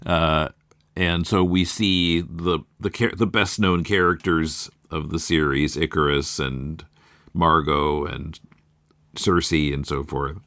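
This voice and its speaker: A man hosting a podcast in casual chat, who recounts things in a measured, thoughtful way. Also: a bass voice, steady tone, a bit bright, no room sound, studio quality. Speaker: podcast host.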